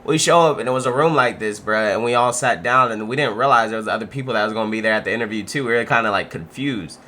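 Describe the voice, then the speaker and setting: A man's voice: fairly low pitch, fast talker, pushed and bright. A man hosting a reaction video, chatting casually in a slangy, laid-back way.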